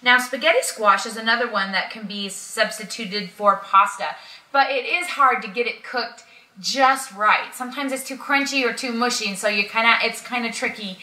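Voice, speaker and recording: A woman talks her viewers through a plan in a relaxed, chatty way, pausing often with ums. Her voice sits a little high and sounds bright. She is a bit back from the mic in an echoey room. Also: distant mic. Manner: chatty, friendly, frequent ums. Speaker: keto vlogger. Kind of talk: casual instructional talk.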